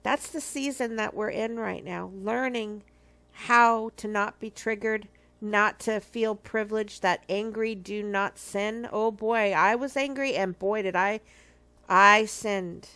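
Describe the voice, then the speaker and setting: A woman's voice: medium pitch, a little slow, a bit bright. A middle-aged woman from a marriage ministry, giving an earnest, emphatic testimony and repeating key phrases for weight. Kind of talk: personal testimony teaching.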